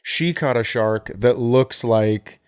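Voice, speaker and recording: A man's voice: mid-range voice, slow, smooth. A man hosting a podcast, chatting casually with a wry, cursing manner. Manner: wry, swears freely. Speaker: podcast host. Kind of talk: casual chat.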